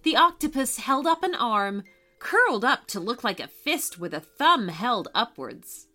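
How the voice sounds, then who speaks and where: A woman reading a children's story aloud as narrator, telling it with lively expression. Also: a little high, measured pace, faint music behind.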